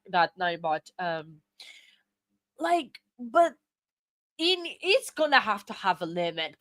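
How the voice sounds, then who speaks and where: In a dry recording, a woman with a mid-range voice hosts a casual live stream. She keeps apologizing and sounds flustered while reading and replying to viewer chat, with plenty of fillers.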